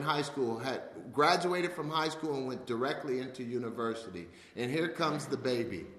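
A man in his fifties recounts his life to a crowd as a personal testimony, slipping into the voices of the characters as he tells it. His mid-range voice is a bit bright, and the room's long reverb makes it sound echoey.

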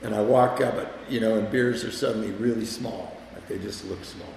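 Gravelly-voiced man telling his story. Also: on the low side, steady tone, normal speed, a little mellow, a little hiss or hum. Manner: candid, self-mocking, with wry laughs. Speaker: speaker sharing a recovery story. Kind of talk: personal storytelling talk. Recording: echoey hall with long reverb.

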